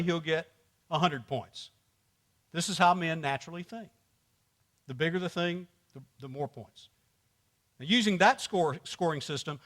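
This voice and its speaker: A man's voice: on the high side, a bit bright. A man teaching a men's class at church in a joking, conversational way, quizzing the audience and laughing often. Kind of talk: humorous teaching to a men's group.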